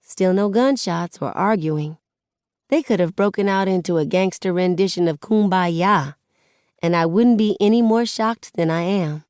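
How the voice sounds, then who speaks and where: A woman's voice: fairly low pitch, moderate pace, darkish tone, clear, resonant tone, no room sound, clean studio sound. A woman narrating a first-person audiobook in a conversational storytelling way. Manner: conversational teen-voiced storytelling.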